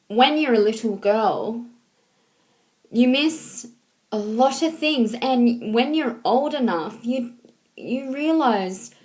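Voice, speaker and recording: A woman in her thirties talking to her viewers in a casual, heartfelt way, halting and sentimental, with frequent ums and restarts. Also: medium pitch. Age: 30s. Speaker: vlogger. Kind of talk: casual heartfelt talk to camera.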